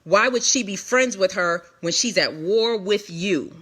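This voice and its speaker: Speaking to viewers online, this woman, a ministry leader, shares a forceful, candid testimony full of quick restarts and repetition. Her medium-pitched voice is expressive, sharp and slightly rough.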